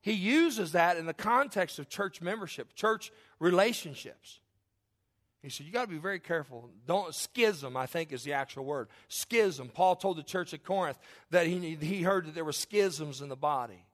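A middle-aged pastor preaches in a conversational, joking style, swinging between loud outbursts and quiet confession. His voice is on the high side, expressive, and a little slow.

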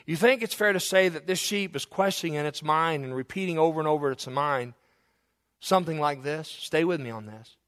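A man's voice: a little high, fairly quick, fairly bright tone. A male preacher delivering a sermon, asking his listeners rhetorical questions, repeating phrases and building to passionate climaxes.

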